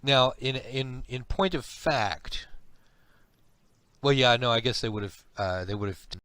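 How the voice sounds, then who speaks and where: A man running a tabletop role-playing game as game master, hesitant and halting as he describes the scene. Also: mid-range voice, a bit bright, no echo. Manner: hesitant, many ums and repeated starts.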